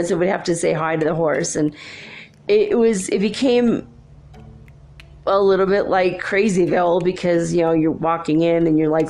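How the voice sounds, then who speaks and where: A woman hosting a talk show, telling a story casually, chatty and laughing often as she quotes people in lively voices. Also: sits low. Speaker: podcast host.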